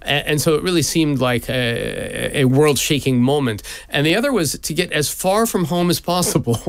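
A man's voice: a little high, lively intonation, moderate pace, gravelly, no room sound. A man in his fifties from the United States, a guest in a radio interview, telling stories candidly with many fillers and restarts. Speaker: guest, lawyer and businessman.

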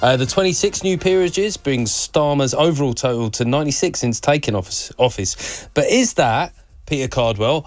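A man hosts a chatty current-affairs radio show and runs a little quiz segment. His delivery is playful and self-mocking, at a mid pitch for a man. The sound is dry and close, with no room around it. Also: very animated, no room sound. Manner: playful, quick to laugh at himself.

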